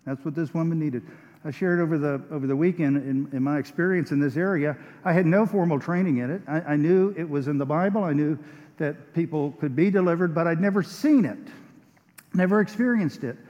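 A man preaching a sermon, telling a story, hushed at times and emphatic at others. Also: on the high side, brisk. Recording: muffled sound with long hall reverb.

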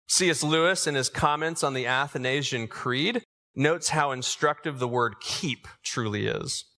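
A man's voice: on the high side, bright, forceful tone. A man preaching an earnest sermon to his congregation, building to emphatic calls. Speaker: pastor. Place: church sanctuary. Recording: long reverb of a large church.

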